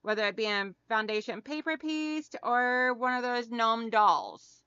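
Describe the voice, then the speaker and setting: Chatty middle-aged lady on her quilting stream, high-ish voice, dull lo-fi sound, says hon a lot. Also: measured pace, sharp tone, clear, resonant tone, no echo. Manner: chatty, greets viewers by name, calls them hon and girl. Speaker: craft channel host. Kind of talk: casual livestream chat while hand quilting.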